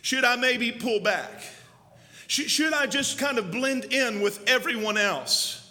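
A young man preaching a fiery, shouting sermon as pastor in a church. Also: very high voice, expressive, a little slow. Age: young adult. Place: church sanctuary. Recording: long church hall reverb.

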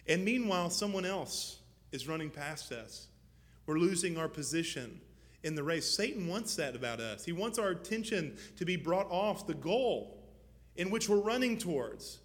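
A man preaching a sermon as pastor, moving from low, measured teaching to loud, fervent exhortation. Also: lively intonation. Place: church.

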